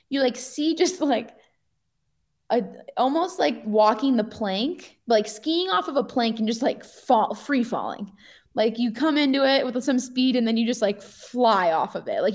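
A young woman, a pro skier, telling a story in a casual, animated way with lots of fillers and laughter. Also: a little high, moderate pace.

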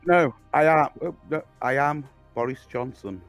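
A man's voice: on the high side, normal speed, faint music behind, close to an everyday voice. A man putting on an impression of a blustering middle-aged politician, bumbling through hesitant restarts. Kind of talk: comic impression on a group call.

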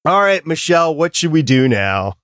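A man's voice: on the high side, sing-song, normal speed, a bit bright, no room sound, clean studio sound. A man hosting a casual fan podcast, chatting with enthusiasm and wrapping up the show. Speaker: podcast host.

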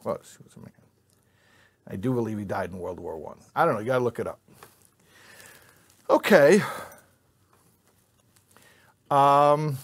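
A man's voice: mid-range voice, animated, unhurried, gravelly, long pauses, husky. A man teaching an informal Bible class to a live group, joking and quizzing his listeners. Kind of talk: informal Torah class with audience.

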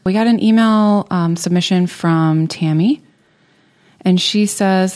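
A woman's voice: fairly low pitch, takes it slowly, darkish tone. A woman co-hosting a recovery podcast, chatting conversationally and laughing lightly. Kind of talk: casual podcast discussion.

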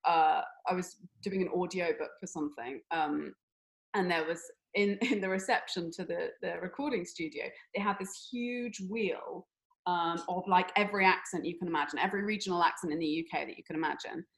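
A young woman, an actor, chatting in an interview, laughing often and filling pauses with ums. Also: lowish voice, low-quality recording. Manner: laughing, chatty, with many fillers. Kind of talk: casual interview chat.

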